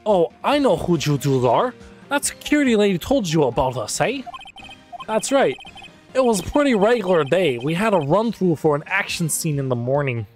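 A man putting on a nerdy male TV director from a video game, with a shaky mock Scandinavian accent that keeps slipping toward Scottish. He brags in a quick, offhand way, and the pitch swings around a lot. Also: very animated, faint music behind. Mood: casual. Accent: mock Scandinavian drifting to Scottish.

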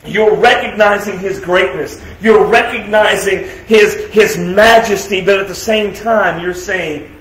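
A man preaching a sermon as pastor, emphatic, asking rhetorical questions and swinging between loud declarations and quiet, soft asides. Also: sits high, measured pace. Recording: echoey room sound.

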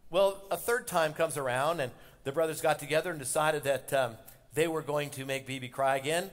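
A fairly high-voiced man preaching a sermon to his congregation, swelling to loud, impassioned emphasis and then dropping back down. His voice carries a long reverb tail through a large church sanctuary. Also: fairly quick. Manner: impassioned, rising loud on the father's words. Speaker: pastor.

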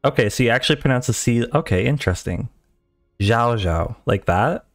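A man's voice: mid-range voice, expressive, fast, faint music behind. Giggly, flustered young male streamer. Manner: giggly, flustered, self-mocking. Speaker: livestreamer. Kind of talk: casual gaming stream chat.

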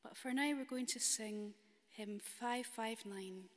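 A Scottish woman minister tells a children's story in a gentle, playful manner. Her voice sits somewhat high and she speaks slowly. Her words ring out with the long reverb of a large stone cathedral. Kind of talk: children's story in a church service.

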